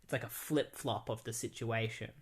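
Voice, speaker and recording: A young man talks through a comic issue in a loose, rambling way, like chatting to a friend. His voice sits in an ordinary middle pitch. He sounds relaxed and unscripted. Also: normal speed. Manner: rambling and conversational. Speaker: comic book reviewer. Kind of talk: casual comic book recap.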